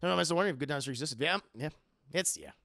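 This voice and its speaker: A man with a gravelly edge to a bright, forceful voice talks in loose, rambling chat, swinging his pitch up and down with excitement. He swears freely and laughs often. The sound is dry and close. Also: very fast, no echo. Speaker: podcast host. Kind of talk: casual chat.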